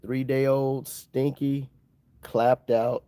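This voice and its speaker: A man with a stuffed-up, congested voice talks casually to his livestream audience while fishing outside. His tone is mellow and dark, and he keeps calling his viewers y'all. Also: medium pitch, little pitch movement, extremely slow, smooth, no echo. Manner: chatty, addresses viewers as y'all. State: stuffy from a sinus infection. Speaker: fishing vlogger. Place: outdoors by the water.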